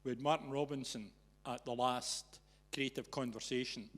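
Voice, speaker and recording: A man's voice: medium pitch, moderate pace. Teasing man in a reverberant hall. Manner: teasing, animated storyteller. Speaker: event host. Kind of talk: storytelling to a live audience. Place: event venue with an audience.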